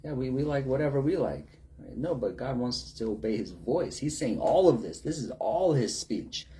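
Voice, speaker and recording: A man's voice: mid-range voice, sing-song, normal speed, warm tone. A man preaching a sermon in a conversational way, with many rhetorical questions and acted-out quotes.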